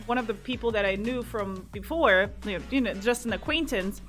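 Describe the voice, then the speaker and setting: A woman's voice: on the high side, a little fast, fairly bright tone, faint music behind. A woman co-hosting a casual podcast, a streamer who does comedy, talking in a chatty, self-deprecating way. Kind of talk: casual chat.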